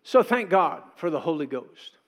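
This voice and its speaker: High-voiced man preaching a sermon. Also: sing-song, normal speed, in a large hall. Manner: conversational, with acted-out quotes and asides. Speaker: pastor.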